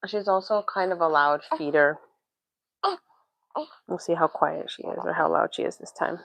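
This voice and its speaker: A woman's voice: low-pitched, normal speed, vocal fry, a bit bright, no echo, rough recording. A young woman vlogging from home in a casual livestream, chatting about parenting with lots of "like" fillers. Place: home, doing chores. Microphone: livestream mic.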